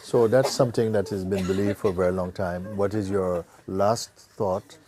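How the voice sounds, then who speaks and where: A man acting as a spiritual teacher, telling a parable in an animated way, laughing often and tagging his lines with "no?". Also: low voice, normal speed, a crowd in the background. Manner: lively and animated, laughs often, tags lines with "no?" and "you know". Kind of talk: storytelling in a spiritual talk.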